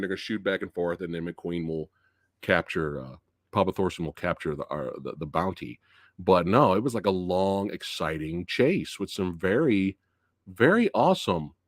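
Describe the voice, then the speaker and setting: Lively low-voiced man reviewing movies live. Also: no room sound, studio quality. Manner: laughs often, loose and filler-heavy. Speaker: movie review channel host.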